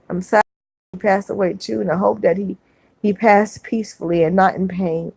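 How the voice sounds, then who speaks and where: A woman hosting a livestream, reading chat comments aloud and gently consoling viewers, often repeating her words. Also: mid-range voice, steady tone, moderate pace, gravelly, breathy edge, dry recording. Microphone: phone.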